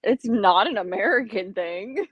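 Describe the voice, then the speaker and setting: A woman's voice: medium pitch, expressive, unhurried, slightly rough, no room sound, dull audio. A woman co-hosting a casual livestream chat, blunt and teasing, swearing now and then. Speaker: podcast co-host.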